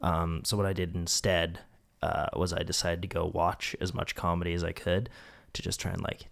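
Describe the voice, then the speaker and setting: A man on a comedy podcast who speaks in a hesitant, halting way, full of stops and restarts. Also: sits low, flat delivery, vocal fry, a bit bright. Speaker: podcast co-host. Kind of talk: improvised comedy chat.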